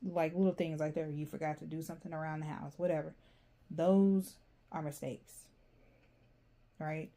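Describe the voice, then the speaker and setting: A woman giving a casual, rambling tarot reading, chatty and quick to laugh. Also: low voice, fairly even intonation, mellow. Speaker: tarot reader.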